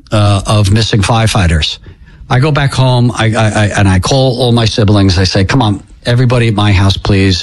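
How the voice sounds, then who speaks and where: A man's voice: fairly low pitch, rough recording. Emotional older man telling a hard story. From United States. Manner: halting, repeats words, many fillers. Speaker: interview guest. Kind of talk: personal story in an interview.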